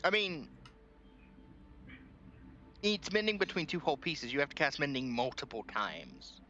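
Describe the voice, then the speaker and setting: A man playing a tabletop game, reasoning through rules in an analytical, halting way. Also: a little high, big pitch swings, bright, forceful tone, dull audio. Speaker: player. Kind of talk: casual game chat.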